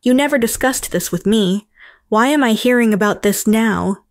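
A woman's voice: fairly high pitch, normal speed, no echo, studio quality, natural voice. Stern dad demanding the truth, firm and fair, voiced by a woman narrator. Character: stern fair-minded middle-aged father. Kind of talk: storytelling narration.

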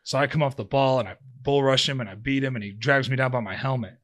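Talking quickly in a medium-pitched, somewhat bright voice, a former pro footballer in his thirties tells a long, rambling story as a podcast guest. The casual interview telling is loose, with many fillers and restarts.

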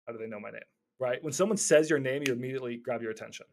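A man teaching cold calling in a casual, energetic way, often stumbling over and repeating words. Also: medium pitch, rapid-fire, vocal fry, a little hiss or hum. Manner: energetic, stumbling repeats, slips into acted phone calls. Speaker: real estate investor teaching cold calling. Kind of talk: casual instructional talk.

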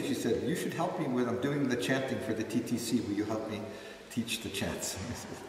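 A man who used to be ashram staff tells a group relaxed, self-mocking stories, with plenty of fillers. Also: mid-range voice, fairly quick, slight background noise. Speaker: former ashram staff member leading chanting. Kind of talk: storytelling talk to a group. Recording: echoey hall, distant mic.

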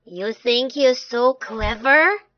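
A woman's voice: a little high, slow pace. A woman voicing cross grown-up villagers who grumble and talk sarcastically. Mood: grumbling. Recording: dull lo-fi dry recording.

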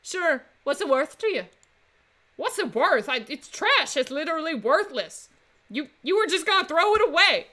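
A woman's voice: high-pitched, big pitch swings, normal speed, bright, forceful tone, voice pushed up, exaggerated voice. A woman voicing a pompous, grumpy male bird photographer, reading game dialogue on a stream. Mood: smug. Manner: haughty and indignant, scornful complaints.

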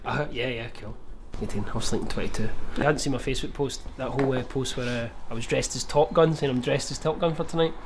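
Young Scottish host, jokey and profane, casual banter, faint background noise. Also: male voice, medium pitch, quick pace. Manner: jokey, laughs often, swears. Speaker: open mic host. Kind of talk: casual chat while getting disguise makeup.

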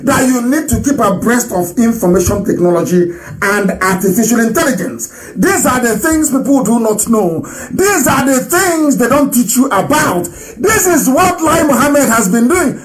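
Animated high-voiced man in live broadcast. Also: a little slow, low-quality recording. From Nigeria. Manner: animated, scornful, laughs often, swings between loud and low. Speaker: broadcaster addressing listeners.

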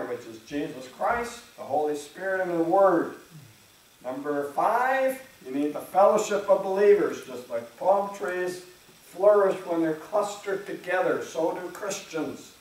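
A man preaching a sermon as pastor in a church, talking in a conversational way, often clearing his throat and acting out imagined churchgoers. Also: high-pitched, expressive, a little slow, darkish tone, far from the mic. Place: church sanctuary. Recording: very echoey church room, speaker away from the mic.

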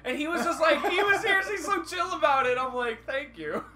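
A young man co-hosting a podcast in casual chat, an animated storyteller who swears freely and says "like" often. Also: very high voice, fairly quick. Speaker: podcast co-host.

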